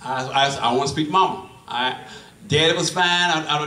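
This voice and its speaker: A man's voice: on the high side, a little fast, bright, forceful tone, far from the mic. A middle-aged man preaching a sermon in a church, folksy and repetitive, often restarting his phrases. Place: church sanctuary. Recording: echoey church room from afar.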